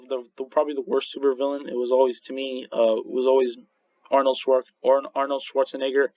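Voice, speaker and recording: A man's voice: medium pitch, dry recording, lo-fi sound. Rambling, laughing male movie reviewer. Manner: rambling, full of restarts and fillers, laughs often. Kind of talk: casual chat.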